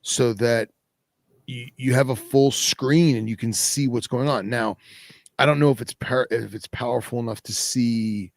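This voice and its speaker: A man hosts a podcast in loose, rambling chat, with plenty of fillers and restarts. His voice has a gravelly edge, and the sound is dry and close. His pitch sits in a middle range for a man. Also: fairly even intonation, unhurried, dry recording. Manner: rambling, filler-heavy, laid-back. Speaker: podcast host. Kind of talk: casual chat.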